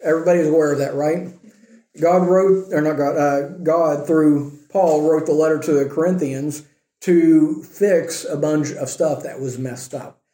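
A man's voice: a little high, fairly even intonation, a little slow, dark tone. Man preaching in a roomy hall. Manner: conversational preaching with rhetorical questions. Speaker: pastor. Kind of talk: sermon. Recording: roomy echo.

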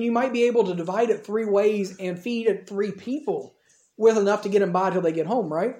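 A man preaching a storytelling sermon with a soft, mellow tone. He talks conversationally and retells the scene in everyday speech. His voice carries a roomy echo from the hall. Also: high voice. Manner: conversational, acts out dialogue in the retelling.

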